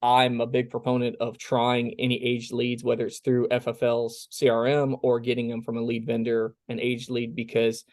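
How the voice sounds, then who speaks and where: A man's voice: mid-range voice, monotone, normal speed, few pauses, darkish tone, dry recording, clean studio sound. A man from South Carolina coaching his insurance sales team in a casual, folksy way, acting out his phone lines as he goes.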